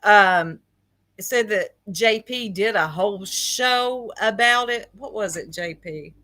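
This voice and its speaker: A woman's voice: medium pitch, slow, pushed and bright. A woman hosting a casual livestream, gossiping with chat and greeting viewers by name, laughing often. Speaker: livestream host.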